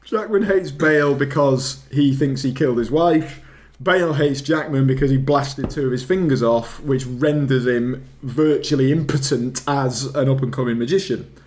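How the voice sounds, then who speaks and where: A man's voice: mid-range voice, moderate pace. A man in casual podcast chat, rambling through a film recap and laughing often. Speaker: podcast co-host.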